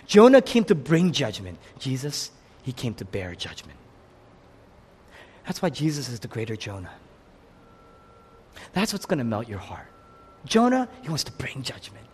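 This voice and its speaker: A man delivers a sermon with fervor, his fairly high voice rising to outcries and dropping to near-whispers. The pitch swings widely from phrase to phrase. His words echo with the long reverb of a large church hall. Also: very animated, moderate pace, husky. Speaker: pastor.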